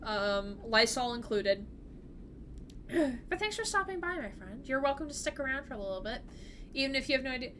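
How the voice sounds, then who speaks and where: A woman's voice: high voice, very animated, moderate pace, sharp tone, slight background noise. A woman live-streaming a game and chatting casually with her viewers. She rambles, fills her sentences with "like" and laughs easily. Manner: chatty and rambling, heavy use of "like".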